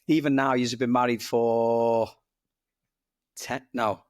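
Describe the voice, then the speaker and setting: A man's voice: medium pitch, level tone, takes it slowly, darkish tone, no room sound, studio quality. A man hosting a podcast, asking friendly questions and chipping in short replies. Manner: friendly, brief prompts. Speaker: podcast host. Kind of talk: conversational interview.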